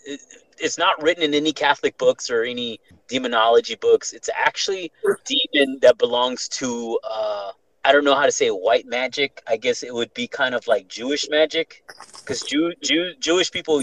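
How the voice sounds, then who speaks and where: Brief: young male podcast host, casual profane storyteller, mid pitch. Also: normal speed, rough recording. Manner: profane, animated, restarts often.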